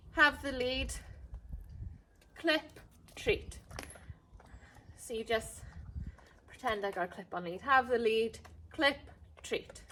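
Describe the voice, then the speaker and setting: Woman, dog trainer; high voice, slow and patient delivery, sing-song calls to the dog. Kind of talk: outdoor dog training lesson.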